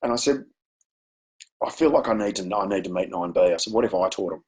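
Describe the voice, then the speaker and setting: A man's voice: deep voice, fairly quick, darkish tone, low-quality recording. A man presenting a webinar, telling a classroom story in a chatty way with many fillers. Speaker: education presenter.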